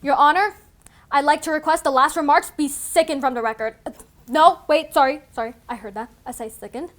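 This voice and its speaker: A woman's voice: high voice, fairly quick, a little hiss or hum, lightly acted. A woman playing an exhausted young actress who stumbles over her lines and keeps apologizing over a video call in a comedy sketch. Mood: frazzled. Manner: flustered, tongue-tied, apologetic. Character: frazzled young actress botching an audition.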